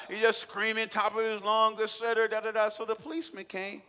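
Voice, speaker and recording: A man preaching a sermon as pastor, shifting from quiet asides to shouted exhortation and acting out quotes with repeated filler sounds. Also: high voice, flat delivery, a little fast, clean tone. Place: church sanctuary. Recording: long hall reverb from a large church.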